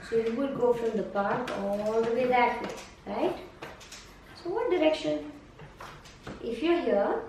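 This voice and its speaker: A patient woman teacher coaxing a young student through a map lesson, repeating questions and giving praise. Her voice sits high. She is heard from a distance in a very echoey room with faint background hiss. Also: darkish tone. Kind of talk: one-on-one map-reading lesson.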